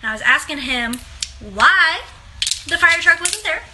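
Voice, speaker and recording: A woman's voice: extremely high pitch, lively intonation, unhurried, background noise. A young woman chatting casually to her viewers on a livestream from her apartment, laughing often and filling her talk with likes and ums. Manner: giggly, laughs often, filler-heavy chatter. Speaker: online seller hosting a livestream. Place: home apartment.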